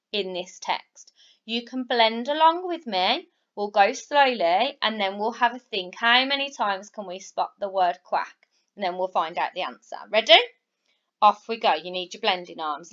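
A woman teaching a phonics lesson to young children, sounding out each letter slowly and blending words, with upbeat praise. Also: medium pitch, a bit bright. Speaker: primary school teacher. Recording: slightly dull, lo-fi recording.

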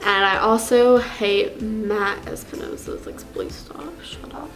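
A woman's voice: medium pitch, measured pace, natural voice, rough recording. A woman playing a gushing, clueless teenage fake fan who rambles giddily and gasps between lines, with a faint music bed behind her. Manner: giddy, rambling, gasping fangirl talk. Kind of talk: comedy sketch character.

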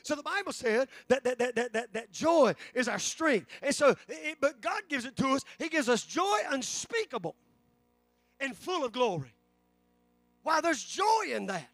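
A man preaching a sermon as pastor, fervently repeating phrases and rising to shouts. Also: very high voice, very animated, normal speed, dry recording. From United States. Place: church sanctuary.

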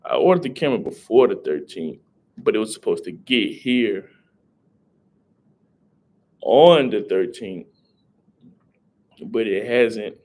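A man's voice: lowish voice, lively intonation, slow pace, pauses often, a little mellow. Young man chatting on a live stream. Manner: rambling, talks to chat, greets viewers. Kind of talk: casual live-stream chat. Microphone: headset.

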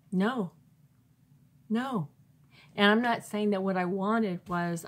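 Her pitch is fairly low as she, a Christian author, recounts how she came to faith. The telling is loose, packed with fillers and false starts, and punctuated by emphatic, raised reenactments of what she used to think.

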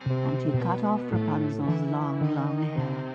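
A woman narrating a children's fairy tale in a slow, expressive sing-song, dropping at times to soft whispers, on a lo-fi tape. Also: deep voice. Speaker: storyteller. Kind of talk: scripted children's story narration. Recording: lo-fi tape with faint music.

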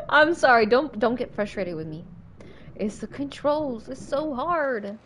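Lively, excitable woman streamer. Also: on the high side, unhurried, slight background noise. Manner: excitable, swears often, laughs, panicky outbursts. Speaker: livestreamer. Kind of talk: casual gameplay commentary.

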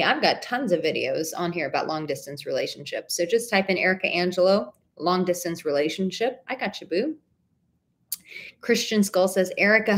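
Candid woman coaching on a live stream. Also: fairly low pitch. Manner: candid, emphatic, swears casually; warm pet names for viewers. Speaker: relationship coach.

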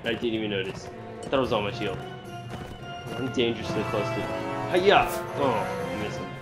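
A man commentating while he plays a video game, reacting with frequent excited outbursts and exclamations. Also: on the low side, fairly quick, loud music behind the voice. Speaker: gamer. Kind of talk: gameplay commentary.

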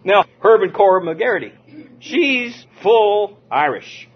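A high-voiced man from Southern California preaches with lively energy, calling out to the congregation and chuckling as he goes. The recording sounds dull and lo-fi, with the top end rolled off. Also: takes it slowly. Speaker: pastor. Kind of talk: sermon.

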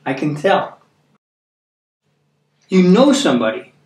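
A man with an American accent giving a conversational sermon, earnest, repeating words for emphasis and reading scripture slowly. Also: sits high, sing-song, a little mellow. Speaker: preacher. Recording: echoey room, mic at a distance.

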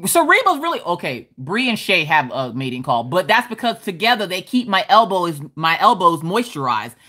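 A bawdy, jokey woman chats through a late-night crafting livestream from her desk at home. Her voice has a bright, forward tone that leaps up and down in pitch. She reads viewer comments aloud and laughs easily between them. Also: sing-song, moderate pace. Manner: loud, bawdy and joking, laughs often. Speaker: livestream host. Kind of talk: casual livestream chat, reading out viewer comments.

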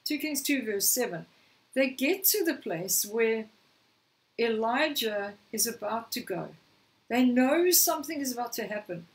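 A woman preaching a sermon, slightly hoarse, telling a scripture story and acting out the quoted lines. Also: fairly high pitch, lively intonation, unhurried, recorded from a distance, rough recording. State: slightly hoarse, clearing throat.

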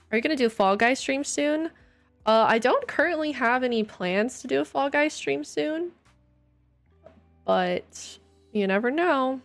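A livestreamer with a fairly high, creaky voice plays a building game and keeps up casual, playful chatter, reacting to her viewers. Faint game music can be heard underneath.

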